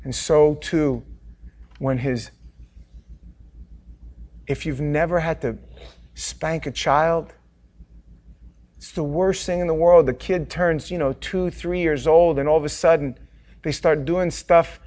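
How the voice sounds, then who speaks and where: A middle-aged man preaching a sermon, swinging from hushed, tender passages to loud, fervent ones and acting out the quotes he tells. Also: fairly high pitch, steady tone, slow, pauses often. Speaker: pastor.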